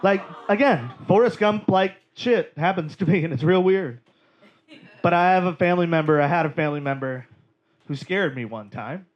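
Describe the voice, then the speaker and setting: Brief: high-voiced male comic from Georgia, lively and wry, stage mic. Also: moderate pace, dull audio. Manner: animated, wry, profane storytelling. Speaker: stand-up comedian. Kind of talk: stand-up storytelling. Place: comedy club stage.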